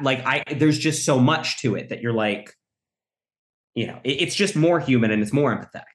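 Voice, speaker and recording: A man co-hosting a podcast, discussing a film in a halting, rambling way, with many restarts. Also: medium pitch. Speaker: podcast co-host.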